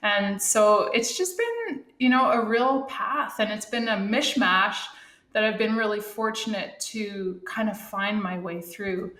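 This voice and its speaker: A woman's voice: mid-range voice, unhurried, a bit bright. Interview guest, middle-aged woman, heartfelt reflective talk, echoey room. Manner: earnest, heartfelt, restarts and fillers. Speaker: guest, Olympic athlete and thru-hiker.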